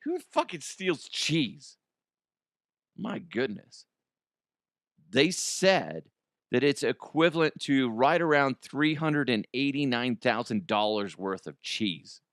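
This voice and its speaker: A man's voice: mid-range voice, takes it slowly, dry recording. Guy hosting funny news, voice all over the place, dry close mic, laughs a lot. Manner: animated, laughing, swearing. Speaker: host. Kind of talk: comedic news commentary.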